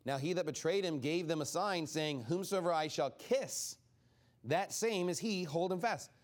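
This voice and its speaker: A man's voice: fairly high pitch, moderate pace. A man teaching an informal Bible study sermon in a casual way, acting out the people he quotes. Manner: animated, acts out quoted speakers; casual, many "like" fillers.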